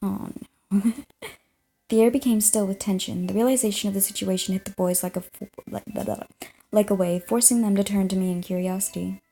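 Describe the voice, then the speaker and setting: A woman's voice: medium pitch, fairly even intonation, fairly quick, vocal fry, warm tone. A young woman hosting a let's play, reading a visual novel aloud, giggling and tripping over her words while chewing gum.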